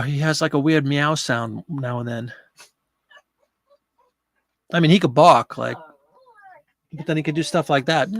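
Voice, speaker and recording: Fairly high-pitched and creaky, a little bright, the man is captured in a dry recording. He's an online seller hosting a live listing show from his home, chatting with his audience and cooing at his pet into a desk microphone.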